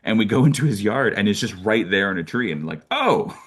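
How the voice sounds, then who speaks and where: A young Canadian man telling lively birding stories in a casual talk, with many fillers and restarts. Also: lowish voice, fast. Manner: animated storyteller, many fillers and restarts, laughs often. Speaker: birder giving a talk.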